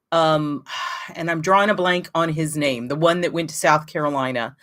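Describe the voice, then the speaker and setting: A woman's voice: on the low side, a bit bright. A woman hosting a knitting live stream, chatting casually and greeting viewers by name and place.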